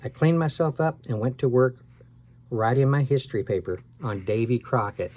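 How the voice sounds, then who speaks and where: A man's voice: mid-range voice, lively intonation, moderate pace, darkish tone. Man reading a spooky story aloud. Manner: reads with expression and small self-corrections. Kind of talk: dramatic read-aloud of a scary children's story.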